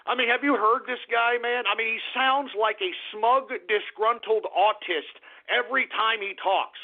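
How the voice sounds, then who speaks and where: High-voiced ranting radio host. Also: male voice, fairly even intonation, moderate pace, few pauses. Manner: profane, heated, rambling. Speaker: radio talk show host. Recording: tinny phone-line radio audio.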